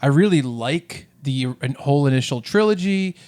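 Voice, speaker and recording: A man's voice: mid-range voice, expressive, moderate pace, darkish tone. A man co-hosting a comedy podcast, talking casually and thinking aloud. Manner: chatty, thinks aloud with fillers. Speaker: podcast co-host.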